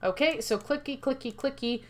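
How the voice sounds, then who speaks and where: A playful young woman doing gaming commentary with a self-mocking streak. Her voice sits fairly high. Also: normal speed. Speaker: let's play host.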